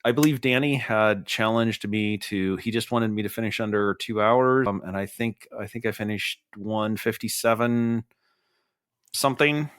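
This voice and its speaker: A man's voice: on the low side, normal speed, a bit bright, no echo, clean studio sound. A man hosting a podcast in casual chat, telling a story in a rambling way and often repeating and restarting his words. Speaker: podcast host.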